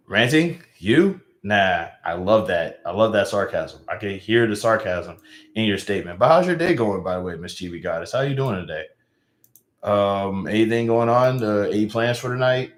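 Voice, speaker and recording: A young man with a somewhat low voice talks loosely to his livestream chat. He rambles in halting bursts, restarting sentences and trailing off with sighs. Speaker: live streamer.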